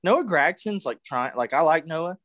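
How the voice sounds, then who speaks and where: A young man with a fairly high voice, chatting as a podcast co-host. He tells excitable stories, shouts out bits of them and swears freely, recorded dry and close. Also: moderate pace, no room sound. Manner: excitable storyteller, loud acted-out yells, swears freely. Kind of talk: casual chat.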